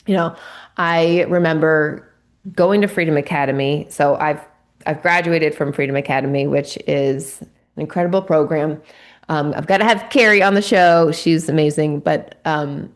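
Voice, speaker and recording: A woman's voice: low-pitched, moderate pace. A woman hosting her own faith-based podcast, speaking in an earnest, confiding way with many restarts. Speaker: podcast host; Christian trauma-informed coach.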